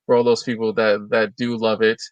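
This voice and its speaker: Brisk and level, with a fairly low pitch, another co-host of the toy news livestream talks in a chatty, enthusiastic, rambling way. The recording is dry and lo-fi.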